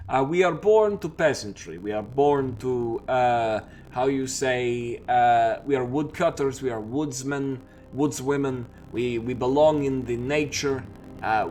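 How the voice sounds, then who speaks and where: A man voicing a male vampire, a woodsman from a peasant family in his early thirties, in a put-on Slavic accent, halting and searching for words. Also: mid-range voice, a little mellow, slight background noise, close to an everyday voice.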